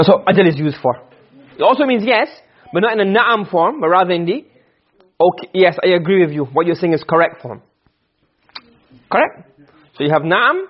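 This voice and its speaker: A man's voice: sits high, husky, highs cut off. A man teaching an Arabic grammar class, asking questions and answering them himself, often repeating and restarting phrases. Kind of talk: classroom lecture.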